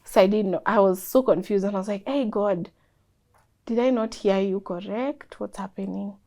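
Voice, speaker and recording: A young woman, a guest in an interview, telling a personal story in a lively way and acting out what people said. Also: mid-range voice, normal speed. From Kenya. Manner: animated storyteller, acts out quoted dialogue.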